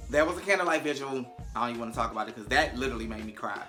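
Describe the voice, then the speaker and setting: A young woman, recapping a TV episode to camera, profane and animated, acting out the scenes with big vocal swings. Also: extremely low pitch, rapid-fire, hardly any pauses, soft background music. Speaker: TV recap vlogger. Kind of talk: casual recap commentary to camera.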